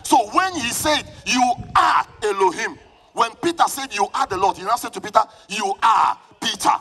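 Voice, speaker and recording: A man with a Nigerian accent preaches at a very high pitch. He drives his sermon with fervor, shouting and calling back to the congregation. The delivery is a live church sermon. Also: animated, normal speed, slightly rough. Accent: Nigerian English. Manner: fervent, often shouting, calls on the congregation to respond. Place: church service.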